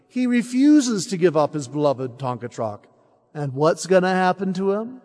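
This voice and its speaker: A man preaching a mission sermon who tells a story in an animated way and acts out its characters. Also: fairly high pitch, moderate pace, long reverb tail.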